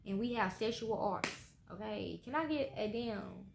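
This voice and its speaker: A woman with a mid-range, creaky voice, speaking a little slowly, gives viewers a casual tarot reading. She's blunt and profane, swearing often and trailing off with repeated "okay?" tags. The room is echoey, with faint background noise.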